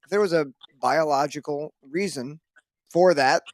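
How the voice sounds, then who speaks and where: A man co-hosts a casual podcast and speaks earnestly, pressing others to explain their reasoning. His voice sits a little high and sounds dry and close-miked. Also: measured pace, dry recording.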